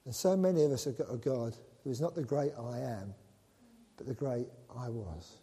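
Man, preacher, husky, dark mellow tone, long hall reverb. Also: on the high side. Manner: animated, joking with the congregation. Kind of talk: sermon.

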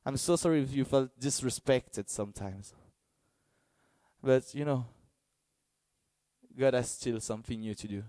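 Earnest halting man preaching. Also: mid-range voice, no room sound. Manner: halting, searching for words, earnest; gets excited and loud in bursts. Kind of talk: sermon.

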